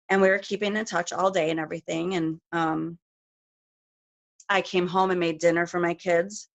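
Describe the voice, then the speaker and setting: A middle-aged woman, a guest speaker, telling a personal story on a group call in a rapid, emotional way with lots of fillers. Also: lowish voice, fairly even intonation.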